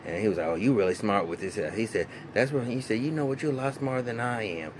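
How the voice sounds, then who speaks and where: A man casually recapping a TV episode, swearing freely and acting out the characters' lines with an animated delivery. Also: fast talker, noisy background. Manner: animated, profane, acts out characters' lines in raised pitch. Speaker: TV episode reviewer.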